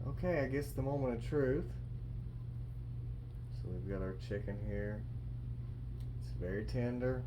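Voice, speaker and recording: A man hosting a casual barbecue cooking vlog, relaxed and chatty, thinking aloud with plenty of fillers. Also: mid-range voice, a little slow, pauses often, noisy background. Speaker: barbecue channel host.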